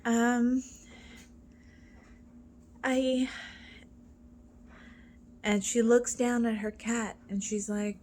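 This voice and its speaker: A woman casually retells a joke, her words coming out slowly with plenty of "um"s and restarts. Her voice sits a little high. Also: fairly even intonation, a little mellow. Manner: halting, with many fillers and restarts. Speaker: storyteller.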